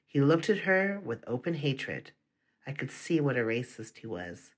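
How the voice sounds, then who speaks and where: An earnest audiobook narrator reading a first-person story in a confessional tone. The pitch sits in the middle range. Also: sing-song, normal speed.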